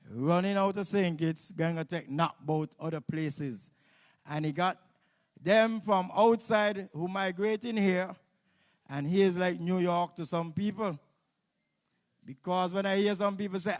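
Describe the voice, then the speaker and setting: A man with a Kittitian accent emceeing a live outdoor stage show on a stage microphone, loud and teasing. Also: high voice.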